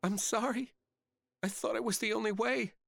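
A man's voice: sits high, fairly even intonation, moderate pace, gravelly, a bit bright, no room sound, clean studio sound, voice pushed up, full character voice. A man voicing a furious, heartbroken young woman who speaks in a raw, accusing way. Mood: grieving.

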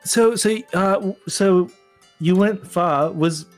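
A player speaking in character in a tabletop game, with a hesitant, halting delivery. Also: mid-range voice, soft background music.

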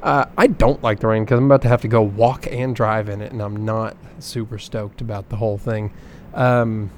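A man's voice: lowish voice, steady tone, moderate pace, a little hiss or hum. A man from the American South with a Southern accent, co-hosting a casual podcast and talking in a rambling way. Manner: chatty, rambling, mimics others. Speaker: podcast co-host. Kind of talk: casual chat.

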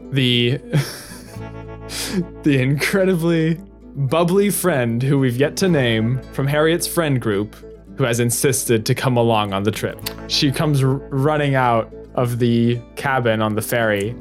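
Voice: medium pitch, slow, faint music behind. A co-host narrating an improvised story, playful and jokey, often breaking into laughter.

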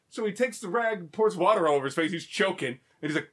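A man's voice: high-pitched, animated, brisk, hardly any pauses, a bit bright. A man in casual chat, telling stories animatedly, acting out quotes and laughing often.

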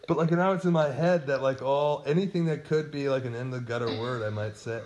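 Male podcast co-host, mid pitch, loose and jokey, self-deprecating history storyteller. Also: brisk, a little mellow, muffled recording. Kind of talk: casual history chat.

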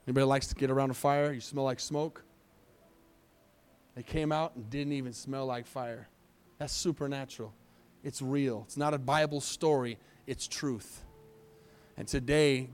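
A pastor leading an altar call during a church service, speaking earnestly with pleading, repeated phrases. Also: male voice, medium pitch, a little mellow.

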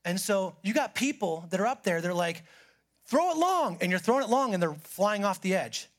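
A man preaching a sermon as pastor, animated, swinging from loud acted quotes to hushed asides. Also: high voice, fairly quick.

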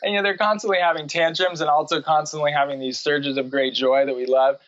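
A man's voice: on the high side, steady tone, fast, fairly bright tone, no room sound. Man on a dull, dry recording. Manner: reflective, with frequent fillers and light laughter. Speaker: guest, writer and parent. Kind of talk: casual interview conversation.

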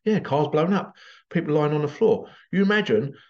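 A gravelly-voiced man talks to camera in a rambling, animated monologue, his pitch rising and falling widely. He piles on sarcastic rhetorical questions. The recording sounds dull and lo-fi. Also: moderate pace. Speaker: vlogger.

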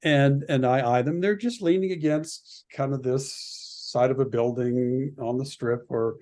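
A man from Canada, a radio producer and podcast guest, telling an animated story and acting out the voices of the people in it. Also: mid-range voice, measured pace. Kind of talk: animated anecdote in a podcast interview.

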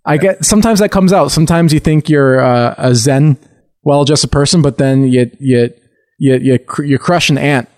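A man's voice: medium pitch, normal speed, a little mellow. A man co-hosting a podcast, telling rambling stories in casual chat. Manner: rambling anecdotes with restarts. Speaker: podcast co-host.

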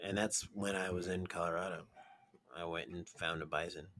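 A man co-hosting a podcast, recapping a cooking show in casual chat with a dry, deadpan sense of humor. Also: sits low, normal speed, a little hiss or hum. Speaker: podcast co-host.

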